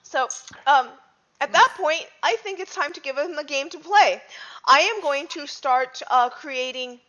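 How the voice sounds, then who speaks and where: A woman's voice: sits high, a little slow, bright, forceful tone. Woman player on dull lo-fi audio. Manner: describes her character's actions in detail. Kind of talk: casual tabletop play.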